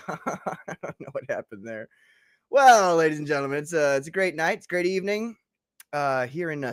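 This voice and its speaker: A man's voice: a little high, expressive, moderate pace, a bit bright, clear, resonant tone, dry recording, clean studio sound. A man hosting a casual live-streamed chat show, joking, laughing often and tripping over his words. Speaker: talk show host.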